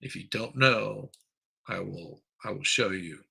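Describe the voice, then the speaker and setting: A man's voice: lowish voice, measured pace, gravelly, sharp tone, breathy edge, low-quality recording. A man hosting a live stream, chatting casually and crudely, rambling while he reads viewer comments aloud. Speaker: livestream host.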